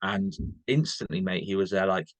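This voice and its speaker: A man's voice: deep voice, very animated, moderate pace, gravelly, no room sound. A young man, a podcast guest, eagerly telling a story in casual chat and saying "mate" constantly. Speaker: podcast guest, bodybuilding coach.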